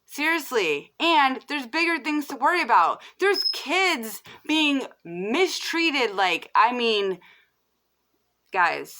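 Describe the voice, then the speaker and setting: A woman's voice: high-pitched, very animated, slow pace, pushed and bright. A woman vlogger delivering a heated, insistent opinion rant to camera, repeating her points and filling with "like". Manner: heated and insistent, repeats herself, many fillers of "like".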